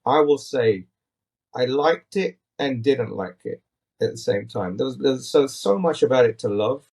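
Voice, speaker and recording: A man's voice: medium pitch, expressive, normal speed, creaky, a little mellow, slightly rough. A man hosting a casual podcast, talking in an opinionated, rambling, critical way into a tablet mic. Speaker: podcast host.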